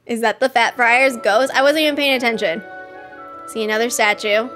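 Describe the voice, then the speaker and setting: A woman hosting a live stream, reacting excitedly to a game trailer, gushing and laughing often. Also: on the high side, normal speed, soft background music. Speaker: host.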